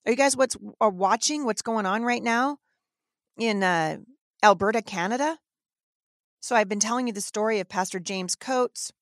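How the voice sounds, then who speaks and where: A woman's voice: medium pitch, moderate pace, no echo, studio quality. A woman hosting a podcast, giving emphatic, indignant opinion commentary and often restarting her sentences. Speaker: podcast host.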